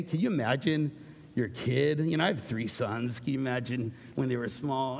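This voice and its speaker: A middle-aged man preaching a sermon as pastor, animated and jokey, slipping into acted asides. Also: mid-range voice, normal speed, gravelly, in a large hall.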